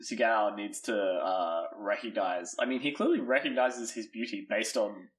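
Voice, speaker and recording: Low-voiced wry man in casual chat. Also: normal speed. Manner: wry, analytical, many fillers. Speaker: podcast co-host.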